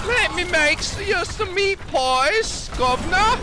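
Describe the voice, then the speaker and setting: A man putting on a shrill, mocking Cockney falsetto as a female demon hunter. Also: animated, music in the background, exaggerated voice. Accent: mock Cockney. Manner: shrill falsetto, drawn-out mockery.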